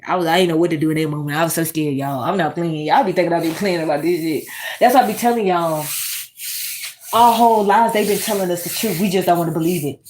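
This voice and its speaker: A woman hosting a casual commentary monologue, animated and swearing, talking straight to her viewers. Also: mid-range voice. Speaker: commentary host.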